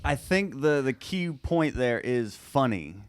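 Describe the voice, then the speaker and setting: A man's voice: mid-range voice, big pitch swings, slow pace, clean tone, no echo, clean studio sound. A man hosting a casual interview, laid-back and agreeable, with lots of filler words. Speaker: interview host.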